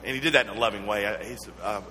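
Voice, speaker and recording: A Southern American man preaching a sermon in a bright, forceful voice. He moves between earnest teaching and personal stories told with gentle humor. His voice rings through a hall with a long echo and a faint hum behind it. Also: on the low side, very fast. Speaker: pastor.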